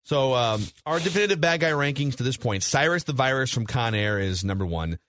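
A man co-hosting a podcast, retelling film scenes in an animated, casual way with lots of fillers. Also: mid-range voice, brisk, no room sound. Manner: animated storyteller, recounting scenes with hedging fillers. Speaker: podcast co-host. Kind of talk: casual movie review chat.

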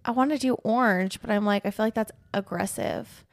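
A woman's voice: medium pitch, brisk. Chatty woman podcast co-host. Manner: chatty, upbeat, says "like" often. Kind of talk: casual chat.

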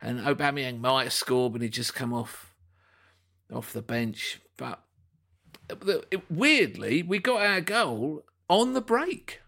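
Man, football fan, bright excitable chatter. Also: medium pitch, slow, creaky. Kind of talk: casual chat.

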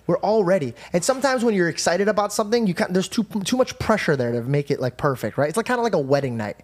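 A young man hosting a podcast, telling a story in casual, animated chat, swearing freely and calling people "bro". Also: sits high, fast talker. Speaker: podcast host.

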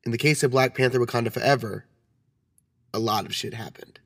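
A man co-hosting a film podcast, his voice a bit raspy and tired from a cold, rambling with lots of ums and restarts. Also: medium pitch, a little fast. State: recovering from a cold. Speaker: podcast co-host. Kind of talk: casual chat.

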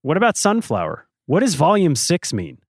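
A man's voice: on the high side, huge pitch swings, normal speed. A man co-hosting a podcast, talking through songs in an easygoing, thoughtful way and asking questions. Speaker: podcast co-host. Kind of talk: casual music discussion.

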